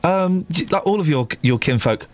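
A man's voice: a little high, expressive, normal speed. A man presenting a radio show, bantering playfully and teasing with repeated questions. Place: radio studio.

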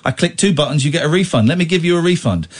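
A male radio presenter running a phone-in, sarcastic and teasing, swinging between mock outrage and deadpan. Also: a little high, rapid-fire. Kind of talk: late-night radio phone-in.

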